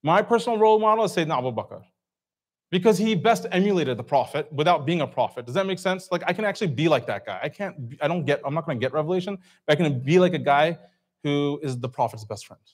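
A man's voice: fairly high pitch, expressive, fast talker. A man giving an informal religious talk to a live audience, conversational, asking the crowd questions and acting out reactions. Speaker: speaker at a community talk. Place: event hall.

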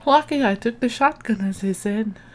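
A woman's voice: fairly high pitch, moderate pace. A woman casually commenting on her own gameplay, chatting and giggling to herself. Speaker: let's play gamer.

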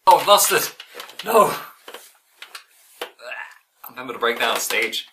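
A man's voice: medium pitch, very animated, slow pace, distant mic, noisy background. A man goofing through comedy outtakes, flustered and often stumbling, swearing and restarting his lines while trying a shaky Irish accent. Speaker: amateur video maker.

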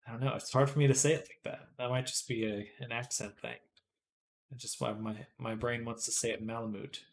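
A man live-streaming, quietly talking himself through 3D modeling work, sometimes dropping to soft whispered asides and getting chattier and amused when he answers chat. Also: medium pitch, fairly even intonation, brisk, gravelly. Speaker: livestreamer. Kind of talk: casual live-stream commentary while 3D modeling.

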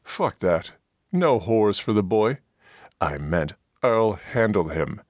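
A man voicing a gruff, bullying male dwarf priest in an audiobook, scornful and pompous. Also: fairly low pitch, very animated, takes it slowly, no echo, clean studio sound, pitched above the performer's own voice, heavily acted. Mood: boisterous.

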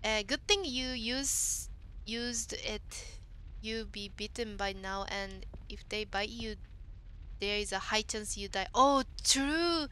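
A woman's voice: medium pitch, slow pace, sharp tone, slight background noise. A woman with a Japanese accent streaming a game, reacting to her chat in simple English and exclaiming at what happens on screen. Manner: simple non-native English phrasing. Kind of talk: casual gameplay commentary.

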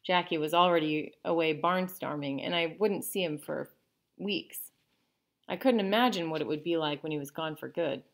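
A woman teacher reading a children's novel aloud to her class, with clear, expressive storytelling. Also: low voice, normal speed.

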